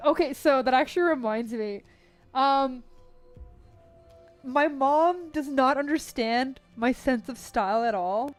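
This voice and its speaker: Woman streamer, high-pitched voice, casual chat, loose and chatty, soft music in the background. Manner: chatty, laughing, lots of "like" and "dude". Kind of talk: casual livestream chat while reading a game story.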